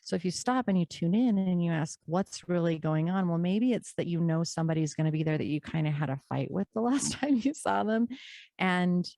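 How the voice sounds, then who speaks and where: A woman's voice: fairly low pitch, lively intonation, creaky, dark tone, dry recording, studio quality. A woman guest on an interview podcast, talking earnestly and encouragingly, stretching out key words. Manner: earnest, encouraging, drawn-out emphasis. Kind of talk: conversational interview.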